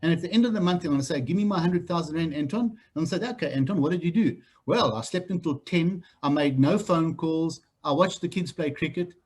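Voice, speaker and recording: A middle-aged man with a South African accent, giving a blunt, animated training talk to a room of new real estate agents. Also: on the high side, quick pace, few pauses, slightly rough. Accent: South African English.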